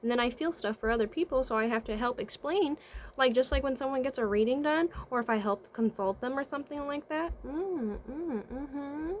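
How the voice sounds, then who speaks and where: A woman's voice: sits high, normal speed, slight background noise. A woman vlogger talking casually to camera and giving life advice. She asks rhetorical questions, checks in with "right?", and hums "mm-hmm" as she thinks. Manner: hums "mm-hmm" often while thinking aloud. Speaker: vlogger and spiritual consultant.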